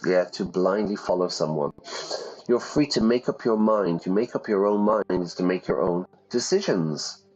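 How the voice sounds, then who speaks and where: A man who teaches English by reading a story game aloud and pausing to explain phrases in a relaxed way. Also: low voice. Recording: slightly dull lo-fi sound with faint music.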